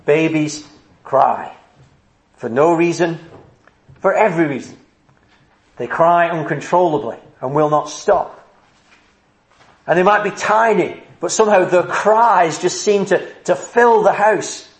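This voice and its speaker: A man's voice: fairly high pitch, unhurried, long pauses. A man preaching a sermon at a church service, earnest and driving his points home with rhetorical questions. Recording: roomy echo.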